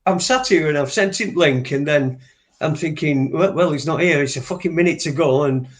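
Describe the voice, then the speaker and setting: A man's voice: on the high side, normal speed. A man co-hosting a casual live stream, rambling with lots of swearing, fillers and restarts. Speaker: co-host.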